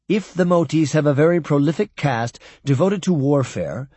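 A man voicing a sad, measured male priest who reasons carefully. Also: a little high, a little mellow, dry recording, voice pushed up.

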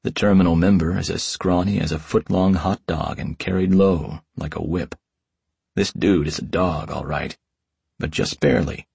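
Man narrating an audiobook, wry hardboiled tomcat detective voice, husky, dry studio sound. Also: low-pitched, normal speed, darkish tone, no echo. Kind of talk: first-person audiobook narration.

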